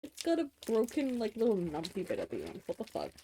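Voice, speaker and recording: A woman's voice: a little high, wildly swooping pitch, a little fast, dark tone, a little hiss or hum. A woman streaming live from home, chatting casually to her chat while she eats. She laughs often, swears now and then, and talks close to a desk mic. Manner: talking while eating.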